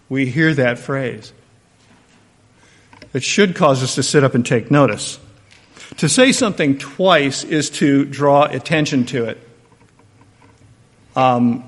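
Man preaching in a reverberant hall. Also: medium pitch. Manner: conversational preaching, swings from loud to hushed. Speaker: pastor. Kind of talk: sermon.

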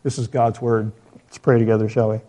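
A man's voice: lowish voice, little pitch movement, a little fast, warm tone. A man preaching a sermon as a pastor, reading scripture, praying and telling a story in a conversational way, with rhetorical questions.

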